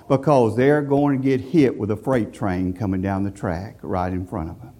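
A man's voice: fairly low pitch, steady tone, normal speed, few pauses, dark tone. A man preaching a folksy, emphatic sermon. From central Alabama, USA. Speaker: visiting preacher.

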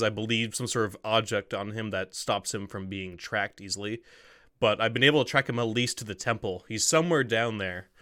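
Eldritch tentacled creature, courteous and halting, bright tone; a game master doing the voice. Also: male voice, on the low side, dry recording, studio quality. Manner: halting, struggles with human speech. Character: tentacled alien creature, polite, eldritch, massive.

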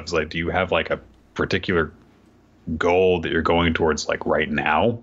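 A man's voice: low-pitched, fairly even intonation, normal speed, a bit bright. A man co-hosting a casual manga podcast, rambling critically with lots of fillers. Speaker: podcast co-host. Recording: dull lo-fi mic.

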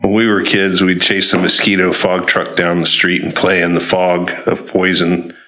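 Deep, bright-toned male interview host. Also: level tone, moderate pace, rough recording. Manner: chatty, nostalgic, reminisces with playful sound effects. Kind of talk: casual chat.

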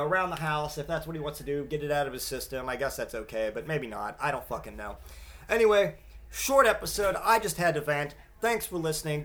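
A man's voice: a little high, fairly bright tone. Profane rambling male podcast host. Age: adult father. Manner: profane, rambling, swears constantly. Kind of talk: casual comedic rant.

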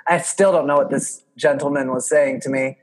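A man's voice: medium pitch, steady tone, moderate pace. A young man chatting casually as a podcast co-host, telling stories animatedly with swearing and frequent laughter. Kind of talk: casual chat.

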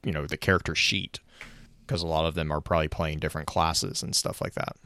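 Deep-voiced man, rambling and enthusiastic. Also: steady tone, a little fast, sharp tone, no echo, studio quality. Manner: enthusiastic, rambling with frequent restarts. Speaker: podcast co-host. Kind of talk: casual chat.

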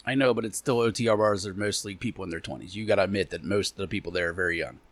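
A man's voice: deep voice, racing, fairly bright tone, dry recording. A young man co-hosting a casual talk show, teasing his friend and laughing often. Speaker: podcast co-host. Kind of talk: casual banter. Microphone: video call.

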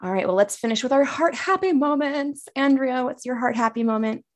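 Bubbly woman host on a podcast, higher voice, bouncy pitch. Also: lively intonation, fairly quick. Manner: upbeat, laughs easily. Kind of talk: casual podcast interview.

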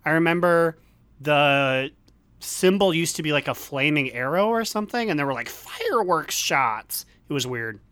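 A man's voice: fairly high pitch, animated, moderate pace, a bit bright, clean tone, dry recording. A man co-hosting a casual gaming chat, joking and playful. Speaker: podcast co-host.

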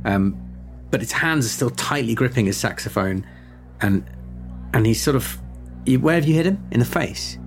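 A man in the game master's seat narrates the scene in a mid-pitched voice, halting and restarting as he describes the action. Faint music runs quietly behind. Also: animated. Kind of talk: narrating a tabletop horror game.

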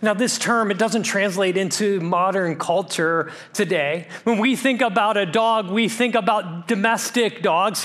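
A man with a fairly high voice preaches a sermon at an unhurried, deliberate pace. He builds emphasis through repeated phrases and at times drops almost to a whisper. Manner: emphatic preaching, dropping to a hush for key lines. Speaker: pastor.

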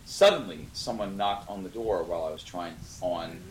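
A man's voice: deep voice, normal speed, reverberant, slight background noise, low-quality recording. A man hosting a podcast, giving a comic dramatic reading of bad fan fiction in a dining room and breaking into laughter. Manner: reads aloud with mock drama, breaking into laughter. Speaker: podcast host.

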